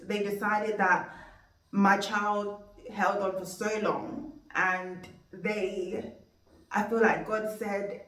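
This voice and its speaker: A woman's voice: mid-range voice, level tone, slow, a bit bright. Young woman vlogging her story, heartfelt and rambly, echoey room, mic a bit far off. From Jamaica. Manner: heartfelt, rambling, faith-filled retelling. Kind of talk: emotional storytime monologue. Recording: roomy, distant from mic.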